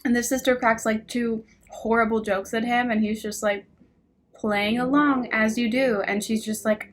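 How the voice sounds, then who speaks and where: A woman's voice: on the high side, a little slow. A woman casually reviewing a book, reading passages aloud and mocking them with exasperated, sarcastic asides and frequent laughter.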